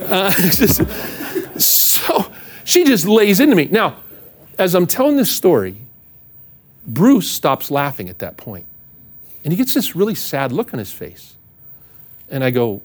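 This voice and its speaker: A man's voice: a little high, wildly swooping pitch, measured pace, pauses often. A middle-aged man, a pastor, telling a humorous personal story in a sermon, self-mocking and acting out the voices of the people in it.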